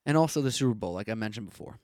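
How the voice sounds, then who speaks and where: A man's voice: fairly low pitch, lively intonation, very fast, a little mellow, no room sound, studio quality. A young man hosting a solo sports podcast, ranting in a punchy, opinionated way with lots of rhetorical questions.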